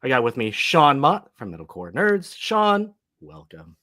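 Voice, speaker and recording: A man's voice: medium pitch, wildly swooping pitch, unhurried, pushed and bright, dry recording, clean studio sound. A man hosting a casual podcast chat, upbeat and jokey, laughing often. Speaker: host.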